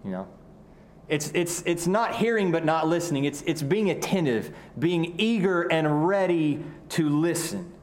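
A man from Arkansas with a Southern drawl, preaching a sermon earnestly, often repeating words and slowing down for emphasis. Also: on the high side, lively intonation. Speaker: pastor.

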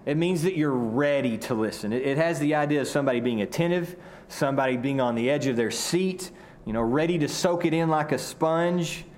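A pastor from Arkansas preaches earnestly in a Southern drawl, his voice a little high and a little mellow. He often repeats words and slows down to emphasize points.

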